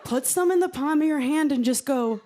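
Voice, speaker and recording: A woman in her thirties works through a stand-up set on a television studio stage. Her delivery is punchy and deadpan, and her voice sits a little high. A faint hiss runs under the handheld mic. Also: brisk. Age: 30s. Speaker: stand-up comedian.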